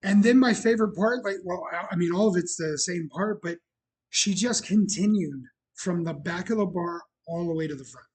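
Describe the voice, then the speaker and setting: A man with a fairly high, slightly husky voice hosts his own livestream. He tells a long story casually, circling back with fillers and restarts. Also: moderate pace. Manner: rambling, warm storytelling with many fillers and restarts. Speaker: bar owner and show host.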